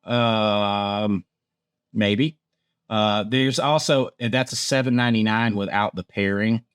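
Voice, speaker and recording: A man's voice: lowish voice, steady tone, slow pace, fairly bright tone, smooth, dry recording, clean studio sound. A man from Georgia, a theme park vlogger chatting casually through food menus and laughing at himself as he stumbles over foreign words. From Georgia, USA. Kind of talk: casual menu rundown.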